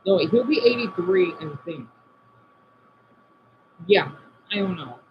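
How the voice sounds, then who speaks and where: A man chatting casually on a live stream from home, answering viewers' comments and often trailing off quietly. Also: high voice, animated, measured pace, slight background noise. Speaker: livestream host reading chat. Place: indoors at home by a window. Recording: dull lo-fi stream audio.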